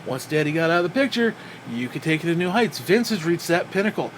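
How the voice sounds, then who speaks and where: A man's voice: on the high side, sing-song, quick pace, a little hiss or hum. A man ranting in a wrestling review, profane and exasperated, with frequent sighs.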